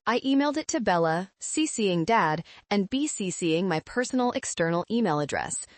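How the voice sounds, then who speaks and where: A woman reading a first-person story in a measured, calm narration. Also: mid-range voice, no echo.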